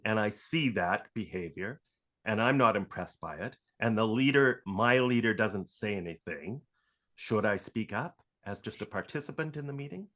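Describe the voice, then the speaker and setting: A man with a head cold co-hosts a podcast. His voice is bright and forward at a middle pitch, and he jokes easily before he sets up long questions. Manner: joking, asks long framed questions. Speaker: podcast co-host.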